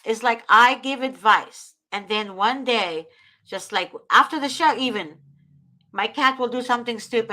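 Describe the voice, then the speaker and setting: A woman's voice: a little high, moderate pace, sharp tone. Earnest woman host giving advice. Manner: earnest, preachy, often invoking God. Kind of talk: casual advice talk.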